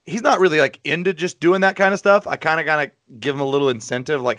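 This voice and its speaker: A man's voice: on the high side, fast talker, hardly any pauses, a bit bright, dry recording. Brash, profane man with a dry sound. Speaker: podcast host. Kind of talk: casual banter.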